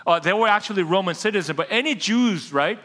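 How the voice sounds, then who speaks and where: A man's voice: high-pitched, animated, fast talker, a bit bright, long reverb tail. A male pastor preaching a casual, conversational sermon and speaking directly to his congregation with questions.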